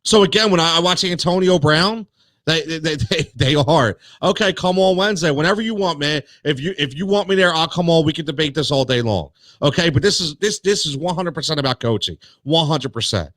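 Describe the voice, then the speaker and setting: A man's voice: fairly high pitch, expressive, a little fast, a bit bright, no echo. A man hosting a sports talk show, ranting in a heated, worked-up way with many restarts and repeated words.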